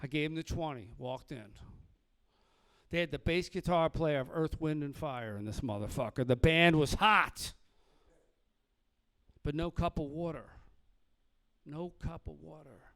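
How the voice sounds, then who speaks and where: Brash high-voiced stand-up comic man. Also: unhurried, pauses often, a bit bright. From Philadelphia. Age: middle-aged. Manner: brash, profane, acts out dialogue in other voices. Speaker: stand-up comedian. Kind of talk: stand-up comedy set.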